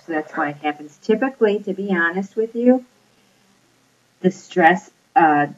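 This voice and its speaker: A woman with a fairly low voice leads a grammar lesson, patient and explanatory, checking in with her listeners as she goes. The recording is dull and lo-fi. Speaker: Spanish teacher. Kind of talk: recorded classroom lecture.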